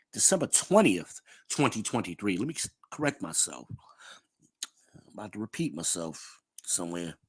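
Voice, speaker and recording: A man hosts a casual livestream podcast. His voice sits fairly low, and he chats loosely, laughing now and then as he reads comments from the chat. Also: fairly bright tone, breathy edge. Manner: chatty, reads chat aloud, laughs often. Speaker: podcast host.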